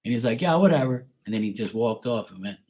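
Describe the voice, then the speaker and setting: A man's voice: fairly low pitch, fairly even intonation, fast talker, darkish tone. A man in a rambling personal rant, swearing often and repeating himself heatedly. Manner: profane, heated and repetitive. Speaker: vlogger.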